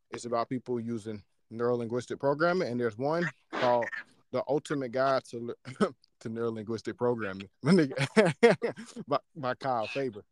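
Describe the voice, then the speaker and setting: A man in casual podcast chat, talking in an animated, slangy way and checking in with his listeners as he explains. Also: mid-range voice, dry recording. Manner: animated, slangy, often asks "you know what I'm saying". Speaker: podcast co-host.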